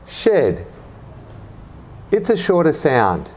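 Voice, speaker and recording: A man teaching English vowel sounds with very slow, carefully spaced delivery. His pitch rises and falls a great deal as he models each word. He quizzes the listener and asks them to repeat after him. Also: big pitch swings, darkish tone. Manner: drills words for repetition, quizzes the listener. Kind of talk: slow, clearly enunciated teaching.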